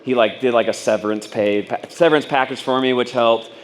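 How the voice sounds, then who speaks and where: A man at a mid-range pitch tells a long personal story to a room of fellow business owners. He rambles casually, packs his talk with fillers, and slips into the voices of the people he quotes. A faint hiss sits underneath. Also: fairly even intonation, fairly quick. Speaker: speaker at a business training event. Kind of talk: personal story told to an audience.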